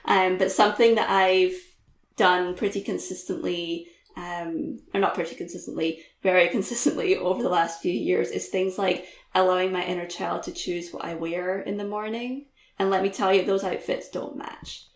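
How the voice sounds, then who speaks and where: Candid woman on a podcast, low gravelly voice, laughs a lot, echoey room. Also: steady tone, normal speed. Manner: candid, laughs easily, many fillers. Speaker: guest author. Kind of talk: podcast interview.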